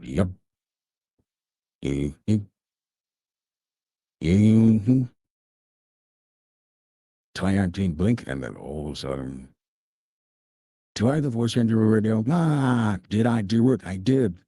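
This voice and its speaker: A man hosting a casual livestream chat, rambling and chatty, with his voice run through a deep voice changer. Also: lively intonation, slow, pauses often, dark tone, slightly rough, dry recording, clean studio sound. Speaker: host.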